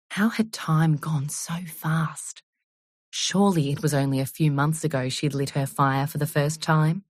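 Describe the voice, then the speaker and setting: A woman reading an audiobook in a measured, unhurried storytelling manner. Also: sits low, a little mellow, no echo, clean studio sound. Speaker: audiobook narrator. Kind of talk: scripted audiobook narration.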